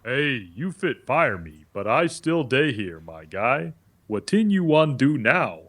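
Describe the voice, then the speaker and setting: A man's voice: medium pitch, slow pace, breathy edge, exaggerated voice. A text-to-speech male voice playing a cocky, stubborn AI chatbot. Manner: argumentative, corrects others flatly. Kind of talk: voice assistant banter.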